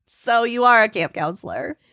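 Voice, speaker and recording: A woman co-hosting a podcast in casual, joking chat, quick to laugh. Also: a little high, bright, forceful tone, clean tone, no echo. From Minnesota. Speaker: podcast co-host.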